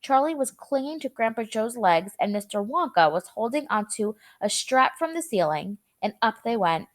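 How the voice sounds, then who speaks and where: Lively young woman teacher reading aloud. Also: on the high side, normal speed. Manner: explains vocabulary in a casual, chatty way. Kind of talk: reading a chapter aloud to students.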